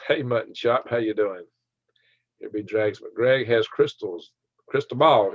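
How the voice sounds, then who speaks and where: A low-voiced man with a Southern twang, chatting fast and jokey on a livestream and breaking into laughter often. The sound is dry and close, with a dull, lo-fi quality. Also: no room sound. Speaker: livestream host. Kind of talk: casual livestream chat reading viewer comments. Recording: dry, dull lo-fi stream audio.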